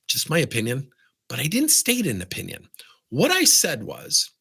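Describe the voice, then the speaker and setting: Energetic male coach, lively swooping delivery, slightly husky tone. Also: a little high, normal speed. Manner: animated, asks rhetorical questions. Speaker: business coach. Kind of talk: lively coaching talk to camera.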